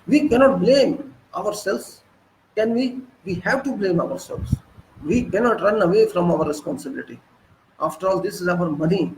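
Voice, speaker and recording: A man's voice: high-pitched, moderate pace, a little mellow, reverberant, slight background noise, poor audio. A man in his sixties with an Indian English accent, giving an earnest moralizing lecture full of repetition and rhetorical questions. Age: 60s.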